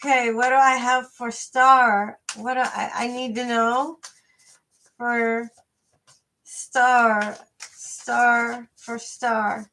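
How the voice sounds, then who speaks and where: Woman, tarot reader, live reading, slow unhurried delivery, rambling with fillers, friendly chat. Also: a little high, flat delivery, bright, forceful tone. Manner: hesitant, rambling, many fillers and restarts; chatty and friendly with viewers.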